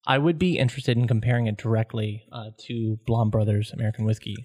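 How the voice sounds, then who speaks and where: A man's voice: lowish voice, steady tone, quick pace, darkish tone. A man guest in casual podcast chat, making dry, wry remarks.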